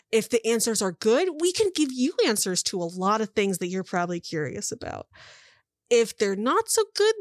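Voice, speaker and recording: A woman's voice: mid-range voice, no echo, studio quality. A woman voicing an eager, bumbling male interrogator in a tabletop game who rambles in an overly friendly way.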